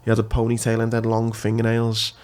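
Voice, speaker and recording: A man from England, a podcast host and ex-Marine, telling a frank, animated story in casual chat. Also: lowish voice, quick pace.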